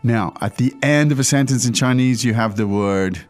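A man's voice: medium pitch, normal speed, faint music behind. A man hosting a language-lesson podcast, who explains patiently and keeps checking in with his co-host. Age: adult father.

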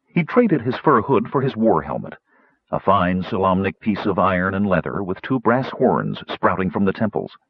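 A man narrating an audiobook in a measured, expressive storytelling manner. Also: low voice, breathy edge, no echo. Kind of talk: scripted narration. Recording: dull, dry recording.

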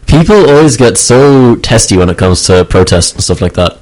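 A man's voice: mid-range voice, lively intonation, moderate pace, darkish tone, low-quality recording. A man chatting casually on a talk show, rambling and stammering as he restarts. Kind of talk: casual chat.

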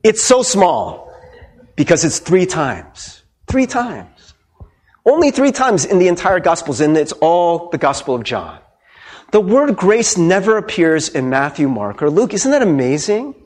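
A man preaching a sermon as pastor, playful and animated, asking the congregation many questions. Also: fairly high pitch, unhurried.

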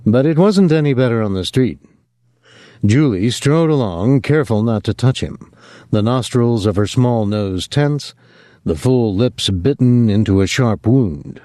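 A man narrates a novel with an expressive, deliberate reading and a lively, wide-ranging pitch. His tone is mellow and warm, and the recording is dry and close. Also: no echo. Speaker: audiobook narrator. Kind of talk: scripted narration.

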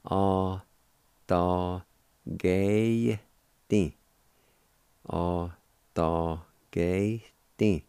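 A man hosting a radio language lesson, spelling and pronouncing each word slowly and patiently, repeating it several times. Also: low-pitched, gravelly, mellow, dry recording. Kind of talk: slow spelling and pronunciation lesson.

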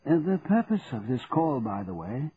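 Audiobook: man doing a dry, formal old solicitor, lively pitch, thin phone-like sound. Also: normal speed, lightly acted. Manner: precise, courteous, dry. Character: formal elderly male solicitor. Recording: tinny narrow band, faint hiss.

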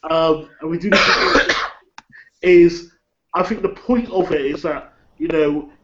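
A man's voice: on the high side, slow pace, fairly bright tone. A man in a panel discussion who hedges a lot and fills his sentences with "you know". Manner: hedging, lots of "you know". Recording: muffled lo-fi audio with faint noise.

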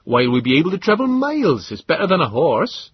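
A man's voice: fairly high pitch, sing-song, quick pace, breathy edge, no room sound, highs cut off, pitched above the performer's own voice. A man voicing a cheerful, rugged young male colonist with a hearty rustic way of speaking. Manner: hearty rustic dialect speech.

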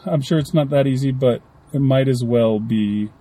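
A man's voice: medium pitch, moderate pace, warm tone. A man co-hosting a casual podcast chat, rambling and acting out little quoted lines. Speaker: podcast co-host.

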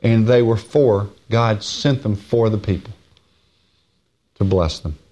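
A man preaches a folksy Bible-teaching sermon, stretching key phrases slowly. He swings between raised, high stresses and hushed, low asides.

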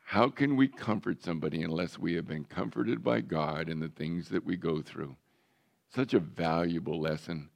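A pastor in his seventies tells his own story in a personal testimony sermon that is candid and full of jokes. His voice is low, with vocal fry, and he keeps a moderate pace.

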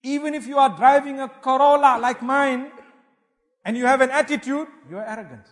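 A man giving a sermon as an Islamic preacher, animated and emphatic, weaving Arabic religious phrases into his English. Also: very high voice, fairly quick. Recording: long hall reverb.

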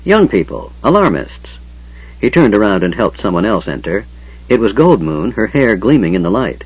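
A man reading a fantasy audiobook aloud in an expressive, dramatic storytelling manner. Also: on the low side, fairly quick, husky, dry recording. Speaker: audiobook narrator. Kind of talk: scripted audiobook narration. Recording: dull lo-fi audiobook recording.

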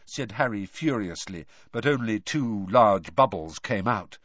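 Expressive male audiobook narrator. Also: on the low side, moderate pace, few pauses, dry recording, lo-fi sound. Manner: expressive storytelling. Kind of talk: scripted narration of a novel.

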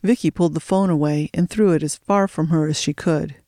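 Reading a thriller audiobook, this medium-pitched narrator keeps a steady storytelling voice and eases the pace when tension builds. The sound is dry and studio-clean.

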